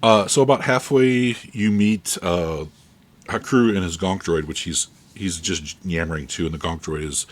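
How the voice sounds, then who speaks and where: Deep-voiced male game master. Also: normal speed. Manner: relaxed, describing scenes. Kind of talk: narrating a tabletop game.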